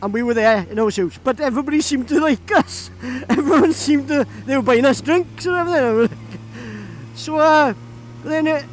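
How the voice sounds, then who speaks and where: Welsh-accented young man, very high-pitched, easygoing vlogger spinning a yarn outdoors with faint road noise. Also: normal speed. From Wales. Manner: chatty, laughing storyteller with many fillers. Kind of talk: casual anecdote.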